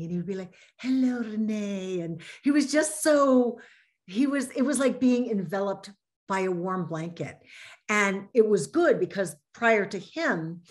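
A middle-aged woman speaking as a panel guest, telling personal stories in a lively way with many fillers. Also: mid-range voice. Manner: animated storytelling, many fillers. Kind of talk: casual panel discussion.

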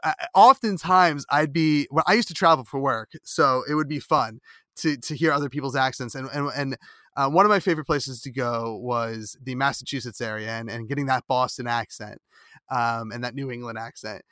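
This podcast host, a man from the Philadelphia area, has a mid-range voice that sounds pushed and bright, at a normal speed, with a slightly nasal O. He rambles through a casual interview full of fillers and restarts, laughing as he tells stories. The studio recording is clean, with no room sound.

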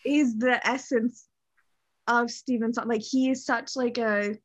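A woman's voice: on the high side, fairly even intonation, measured pace, no room sound. A woman co-hosting a podcast in casual chat, talking effusively and filling her sentences with "like". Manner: effusive, heavy use of "like". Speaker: podcast co-host. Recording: dull lo-fi dry sound.

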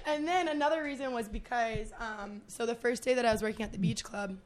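A woman's voice: a little high, a little fast. A woman guesting on a podcast, telling a story in casual chat, swearing freely and laughing along.

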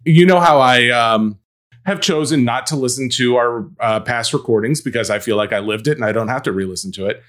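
Joking male podcast co-host, mid pitch. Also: a little fast, a bit bright. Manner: joking, playful banter; says he mumbles with mouth half closed. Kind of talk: casual chat.

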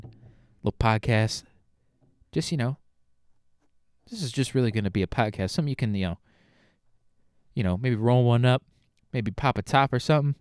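A young man rambles through a solo podcast, hyped and a bit all over the place, swearing casually. His voice sits on the low side and sounds smooth and clear. The recording is dry and close, with no room echo. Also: a little mellow. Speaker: podcast host. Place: studio.

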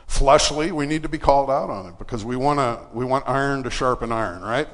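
Brisk and mid-range, a preacher's voice rings with long reverb as he casually tells a story from his life. He uses fillers and brings the quoted dialogue to life by voicing it.

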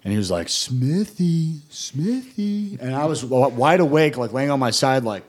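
A man's voice: medium pitch, animated, quick pace. A young man telling boot camp stories in casual chat, rambling with fillers and frequent laughs. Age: young adult. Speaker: guest recounting boot camp.

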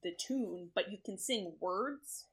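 A woman hosting a casual podcast chat, animated and opinionated, laughing often as she argues her picks. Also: mid-range voice, slow pace. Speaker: podcast host running a movie bracket.

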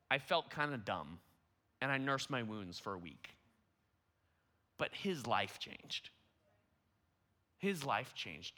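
A young man preaching, telling a story in an animated, self-deprecating way, full of fillers like "like" and "you know.". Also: medium pitch. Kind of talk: sermon storytelling. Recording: long hall reverb.

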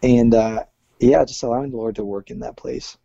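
A man's voice: medium pitch, steady tone, a little fast, vocal fry, dark tone, no room sound, dull audio. A man who is a worship leader, speaking earnestly in a casual interview, with many fillers and restarts.

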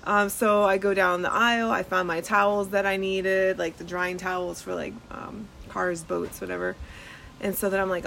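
A woman hosts her podcast from a front porch, telling a story casually and chattily with plenty of fillers and laughs. Her voice has a gravelly, fried edge, and faint outdoor ambience sits behind it. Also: mid-range voice, level tone, moderate pace, a bit bright, a little hiss or hum, low-quality recording. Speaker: podcast host and nurse.

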